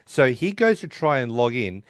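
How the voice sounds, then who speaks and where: Male podcast host, mid-pitch, dry close sound, acts out character lines in a chatty episode recap. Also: sing-song, normal speed, clean tone, no room sound. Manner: retells scenes by acting out the characters' lines. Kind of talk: casual recap of a sitcom episode.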